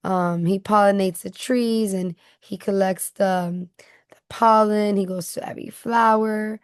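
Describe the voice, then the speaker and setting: A woman teacher reading a picture book aloud to children and stopping often to ask them gentle questions. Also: mid-range voice, fairly even intonation, unhurried, clean tone, dry recording, studio quality. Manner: gentle questioning, checking in with listeners.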